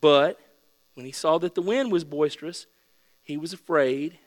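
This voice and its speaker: A man preaching a sermon with a high-pitched voice, telling the story playfully and building to excited shouts. His voice carries through a large hall with long reverb, and a faint mains hum runs underneath. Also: a little slow.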